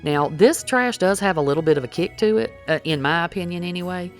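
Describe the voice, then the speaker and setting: A middle-aged woman with a low voice talks viewers through a recipe in a chatty, folksy way, calling them y'all. Faint music plays quietly behind her. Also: expressive, fairly quick. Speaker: cooking vlogger. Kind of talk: casual cooking demonstration.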